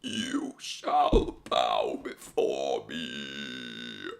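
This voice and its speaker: Man putting on a deep gravelly evil god. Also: wildly swooping pitch, fairly bright tone, full character voice. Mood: grandiose. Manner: slow, grandiose commands. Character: booming evil self-proclaimed male god demanding worship.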